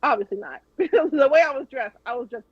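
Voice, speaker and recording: A woman's voice: sits high, expressive, quick pace, no echo, highs cut off. A woman guest telling a story on a podcast in a casual way, swearing freely and acting out the people she quotes.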